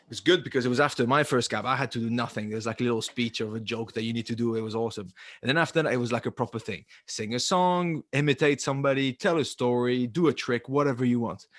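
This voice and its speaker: A man co-hosting a rugby podcast and telling lively anecdotes in a casual chat. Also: mid-range voice, fast talker, dry recording, studio quality. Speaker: podcast co-host, former rugby player.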